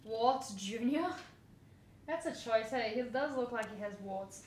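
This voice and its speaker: A woman's voice: a little high, unhurried, a little mellow. A woman chatting casually through a card unboxing, giggling and squealing over cute cards. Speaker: vlogger. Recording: echoey room, faint noise.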